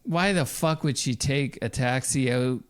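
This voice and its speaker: Man, podcast co-host, casual movie chat, swears a lot, emphatic and amused, mid-pitched voice. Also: measured pace.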